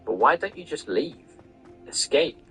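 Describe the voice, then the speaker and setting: A man doing a small house elf, earnest and self-punishing, in a high, pleading voice. His tone is sharp and bright, and game music plays quietly underneath. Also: sing-song, a little slow, low-quality recording. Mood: anguished. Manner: high-pitched, pleading, says sir constantly. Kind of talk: reading a novel aloud over gameplay.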